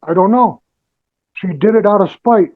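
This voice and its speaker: A man defending himself at a court hearing, defiant and halting, full of restarts. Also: high voice, phone-quality sound. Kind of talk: testifying in court.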